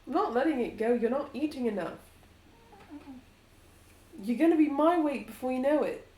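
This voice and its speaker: A woman's voice: high-pitched, animated, moderate pace, a little mellow. A woman playing a charming young woman in tabletop role-play, teasing and fondly bossy. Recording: roomy echo.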